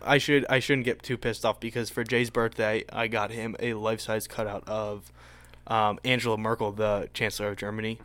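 A man's voice: fairly low pitch, flat delivery, normal speed, a bit bright, no room sound. A young man from Pennsylvania co-hosting a casual podcast, trading laid-back, profane banter with his friend. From Pennsylvania, USA. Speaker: podcast co-host.

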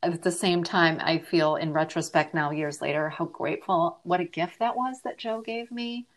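This grief advocate, a middle-aged woman, is being interviewed on a podcast. She speaks at a normal speed with a fairly low pitch. Recounting something personal, she sounds sincere and thoughtful, and at moments she drops nearly to a whisper.

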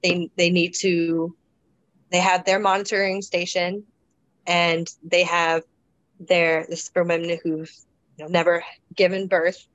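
A woman's voice: lowish voice, little pitch movement, a little slow, a bit bright, dry recording, highs cut off. A woman guest in a casual interview, talking reflectively with many restarts and fillers. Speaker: guest describing her births.

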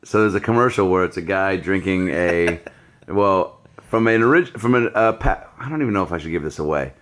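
A man's voice: deep voice, fairly quick. A man hosting a podcast, chatting casually and telling stories with frequent laughter. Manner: laughing, animated storyteller. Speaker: podcast host. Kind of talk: casual chat.

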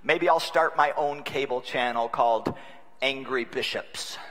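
A man preaching a sermon as a bishop, wry and humorous, swinging between loud and hushed delivery. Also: mid-range voice, unhurried, background noise. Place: large conference hall. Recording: long reverb of a large conference hall.

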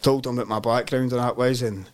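A Glaswegian man telling stories as a podcast guest, animated and full of swearing, acting out other people's voices. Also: medium pitch, fast. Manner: animated storytelling, heavy swearing, acts out voices. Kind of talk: casual chat.

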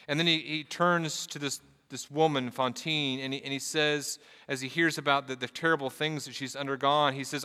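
A man delivers a sermon with a bright, resonant voice that rings clear. He reads scripture with earnest weight, then slips into casual asides. The sound carries a long reverb, as in a large church sanctuary. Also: medium pitch, steady tone, normal speed, hardly any pauses. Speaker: pastor.

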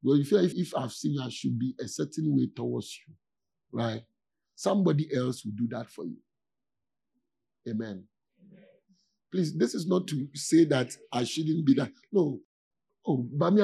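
A man's voice: mid-range voice, lively intonation, gravelly, mellow, husky. A man, a pastor, giving a conversational sermon in an informal way, often stopping to ask his listeners whether they follow. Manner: informal, asks "do you see?" often, with laughs and pauses.

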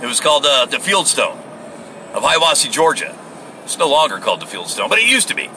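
A man's voice: mid-range voice, very animated, fairly quick. A middle-aged man hosting his own show, rambling and joking through stories with lots of swearing, recorded in his car on the way to work. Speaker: podcast host. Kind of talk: casual storytelling monologue. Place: inside a car while driving. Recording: distant in-car recording with loud road noise.

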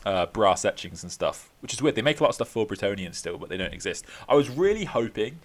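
A man's voice: on the low side, big pitch swings, fast. A young man chatting casually as a podcast co-host, rambling and laughing often. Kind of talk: casual chat.

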